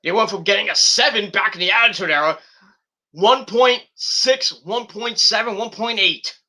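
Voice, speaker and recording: Bright, high-voiced man ranting. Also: moderate pace. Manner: profane, heated ranting. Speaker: wrestling review host. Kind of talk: ranting show review.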